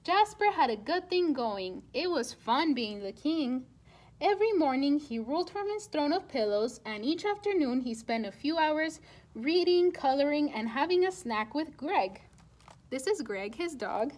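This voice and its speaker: Animated woman reading a children's story. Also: high-pitched, measured pace. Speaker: children's librarian. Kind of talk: storytime read-aloud.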